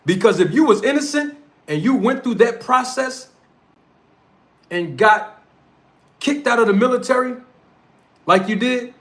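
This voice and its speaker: A streamer and show host from North Philadelphia goes on a heated, confrontational livestream rant full of street slang. His voice is very high and a bit bright, with lively intonation, a measured pace, and frequent pauses.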